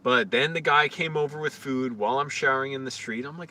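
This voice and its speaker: A man's voice: medium pitch, quick pace, hardly any pauses, bright, forceful tone. A man talking to his own camera outdoors in a casual, rambling vlog, crude and complaining. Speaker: vlogger. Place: outdoors on the street.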